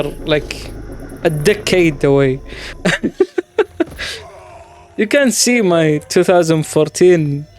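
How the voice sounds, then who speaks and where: A man's voice: on the high side, darkish tone. A man hosting a gaming channel, talking over his gameplay in a reflective, musing way, with the odd playful exclamation.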